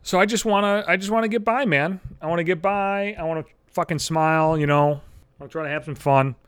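A man's voice: fairly high pitch, a little fast, clean tone, no echo. Blunt, foul-mouthed man ranting. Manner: blunt, heavy swearing, animated. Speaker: podcast host. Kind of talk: profane storytelling rant.

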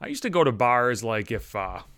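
A man's voice: mid-range voice, moderate pace, no room sound, studio quality. Foul-mouthed podcast man telling stories. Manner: profane, rambling, animated. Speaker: podcast host. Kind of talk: comedic storytelling monologue.

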